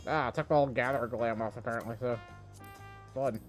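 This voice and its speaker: A man's voice: mid-range voice, steady tone, moderate pace, soft background music. A man streaming a game, chatting casually in a rambling, self-correcting way.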